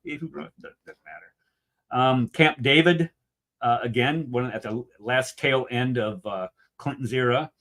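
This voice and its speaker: A man hosting a casual debate show, arguing in an animated way and acting out quotes. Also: medium pitch, normal speed. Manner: argumentative, animated, acts out quotes. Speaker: host.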